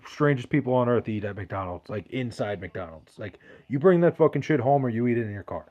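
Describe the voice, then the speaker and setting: A man's voice: mid-range voice, animated, a little fast, highs cut off. A young man, chatting casually and profanely, rambling and restarting his sentences as he reads live chat. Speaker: podcast host reading live chat.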